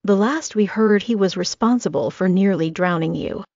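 A woman's voice: mid-range voice, normal speed, darkish tone, no echo, natural voice. A woman voicing a theatrical fussy man. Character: flamboyant dramatic man, theatrical friend. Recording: dull lo-fi recording.

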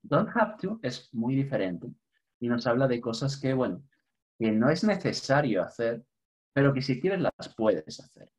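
A man's voice: mid-range voice, sing-song, moderate pace, a little mellow, husky, rough recording. A man from Spain, a native Spanish speaker with a Spanish accent, teaching an online English class, mixing both languages and chuckling now and then. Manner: switches between English and Spanish, chuckles often, light humor.

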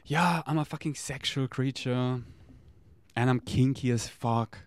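Man, thirties, smooth clear voice, dry close sound, candid, rambling, profane. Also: medium pitch, measured pace, no echo. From Germany. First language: German. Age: 30s. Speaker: vlogger. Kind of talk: casual confessional monologue.

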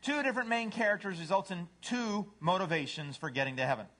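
Middle-aged preacher guy, voice swoops all over, sits a bit high, goofy character voices. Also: fast. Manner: animated, puts on voices for cats and dogs. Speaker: pastor. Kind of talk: sermon.

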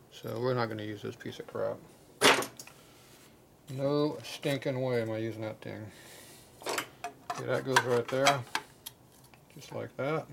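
Gravelly blunt man in a noisy workshop. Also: medium pitch. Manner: blunt, mutters to himself while working. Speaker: motorcycle mechanic. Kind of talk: casual workshop commentary. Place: motorcycle repair workshop. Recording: noisy workshop with clanking tools.

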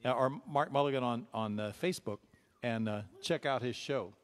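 A man's voice: mid-range voice, moderate pace, long reverb tail. A man hosting a livestream music show from his back yard, bantering and teasing his bandmate between songs. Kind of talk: casual chat between songs.

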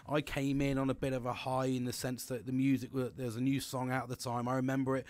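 A man's voice: medium pitch, little pitch movement, quick pace, darkish tone, no room sound. A middle-aged man hosting a podcast, telling a personal story in a frank, rambling way and swearing constantly. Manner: frank and heavily profane, rambling with restarts. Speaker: podcast host.

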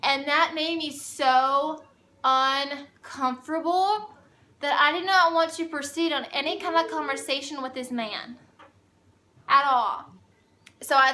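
A woman's voice: high-pitched, measured pace, sharp tone. A woman telling a storytime vlog in a chatty, rambling way. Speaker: vlogger.

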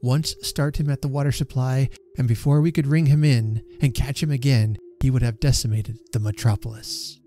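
Warm-voiced male storyteller. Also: mid-range voice, fairly even intonation, normal speed, hardly any pauses, faint music behind. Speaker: reader and channel host. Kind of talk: storytelling reading.

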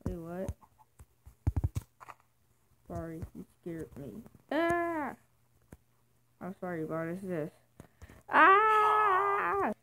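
A woman doing a casual game role-play, talking slowly and hesitantly with many fillers. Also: lowish voice, fairly even intonation, mellow. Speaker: game video maker. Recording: noisy home recording.

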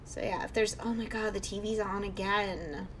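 A young let's play host talks casually through her game, reacting aloud and often speaking in a hushed tone. Her medium-pitched voice has fairly even intonation and a normal speed, with background noise present.

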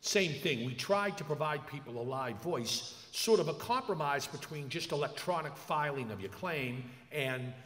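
A man's voice: fairly high pitch, lively intonation, normal speed, hardly any pauses, fairly bright tone. An older man giving a public lecture, telling stories emphatically in a large hall. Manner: emphatic storytelling with acted quotes. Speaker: lecturer, attorney. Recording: echoey hall with long reverb.

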